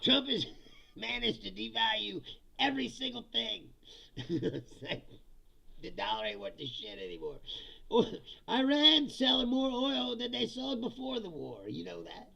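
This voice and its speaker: A man's voice: very high-pitched, big pitch swings, unhurried, gravelly, bright, forceful tone. A man hosting a live comedy stream on politics, reading chat and mocking commenters with profane jokes and frequent laughter. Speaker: host. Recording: dull lo-fi sound.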